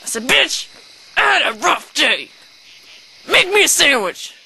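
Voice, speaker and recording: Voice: high-pitched, very animated, unhurried, creaky, pushed and bright, heavily acted, poor audio. A performer playing a rude, hot-tempered man shopper who rants, swears and threatens in an amateur sketch. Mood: ranting.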